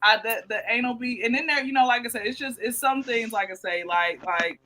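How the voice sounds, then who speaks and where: Woman, podcast host, high voice, bright tone, animated, frank, casual chat. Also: brisk, poor audio. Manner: animated, frank, many "like" fillers.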